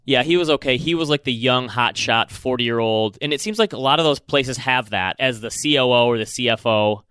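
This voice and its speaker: A man's voice: mid-range voice, brisk, clear, resonant tone, no room sound, clean studio sound. A man co-hosting a podcast, chatting casually and animatedly about a movie and acting out lines from it. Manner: animated, chatty, acts out quotes. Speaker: podcast co-host.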